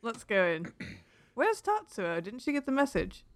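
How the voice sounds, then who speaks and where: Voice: mid-range voice, huge pitch swings, normal speed, dry recording. A player in a tabletop game, chatting playfully. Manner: playful, bantering. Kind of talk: casual game chat.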